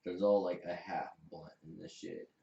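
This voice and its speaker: A man's voice: deep voice, fairly even intonation, moderate pace, creaky, dark tone. A man co-hosting a casual podcast, rambling through stories and swearing a lot. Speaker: podcast co-host. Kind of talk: casual chat. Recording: roomy, distant, dull, faint hiss.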